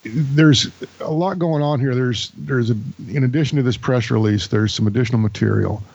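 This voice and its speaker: A man's voice: medium pitch, moderate pace, gravelly, darkish tone, husky, lo-fi sound. A man co-hosting an aviation podcast, explaining an incident in a casual, hesitant way with many fillers. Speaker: podcast co-host. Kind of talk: casual chat.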